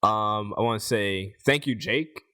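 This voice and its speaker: A man's voice: lowish voice, measured pace, pushed and bright. A man hosting a casual podcast, thanking guests and rambling through plugs with lots of fillers. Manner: loose, rambling, jokey, with many fillers. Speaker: podcast host.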